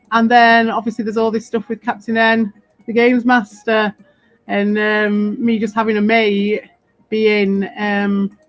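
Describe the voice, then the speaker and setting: A woman's voice: mid-range voice, no echo. A British woman in a casual, rambling monologue, swearing freely, laughing often and sounding defiant. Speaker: crypto streamer.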